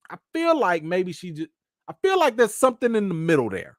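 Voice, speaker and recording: A man hosting a live commentary chat, talking in an animated, slangy way. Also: sits high, a little fast, no room sound, clean studio sound. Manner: animated, slangy, acts out quotes. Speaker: host.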